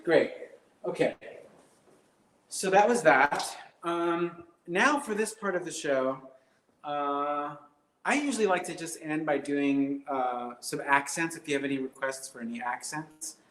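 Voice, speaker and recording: A man's voice: on the high side, unhurried, a bit bright, a little hiss or hum. Rambling man doing absurd live comedy. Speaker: stand-up comedian. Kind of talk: live-streamed stand-up. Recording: roomy echo.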